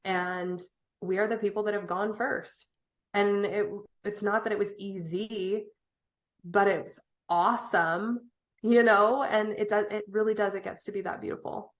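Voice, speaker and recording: A woman chatting as a podcast guest, speaking with emphatic, motivational drive. She swears casually and keeps the tone loose and encouraging. Her voice sits in an ordinary middle pitch. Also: steady tone, a little slow. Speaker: guest, event organizer.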